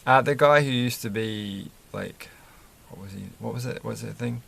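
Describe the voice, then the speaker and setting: A man's voice: medium pitch, moderate pace, creaky, fairly bright tone, breathy edge. A man chatting casually and rambling while building a Lego set, often chuckling and correcting himself.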